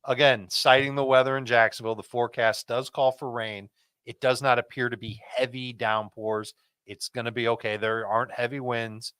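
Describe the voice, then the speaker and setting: A man's voice: mid-range voice, level tone, normal speed, a bit bright, clean tone, no room sound. Matter-of-fact male analyst, dry sound. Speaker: fantasy football analyst. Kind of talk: live panel chat.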